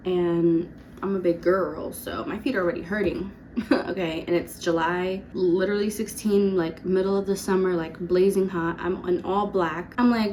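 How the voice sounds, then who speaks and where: A woman in her twenties telling a personal story to camera in a casual storytime vlog, chatty and full of "like" and quick laughs. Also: mid-range voice, fairly even intonation, a little mellow, slight background noise. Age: 20s. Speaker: vlogger.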